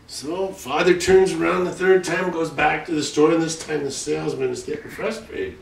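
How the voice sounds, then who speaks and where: A middle-aged man telling a long joke at home, animated, repeating "he says" between lines. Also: fairly high pitch, moderate pace, creaky, hardly any pauses, a little hiss or hum. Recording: echoey room, recorded from far off.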